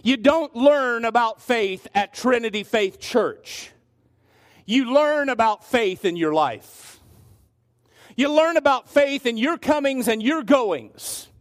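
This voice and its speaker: A pastor preaching a sermon, reading scripture and slowing down to stress key words. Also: male voice, very high-pitched, expressive. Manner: emphatic, slows down to stress words.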